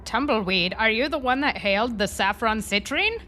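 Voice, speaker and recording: Bright-voiced woman playing a tabletop game. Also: a little high, lively intonation, moderate pace, slight background noise. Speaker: player.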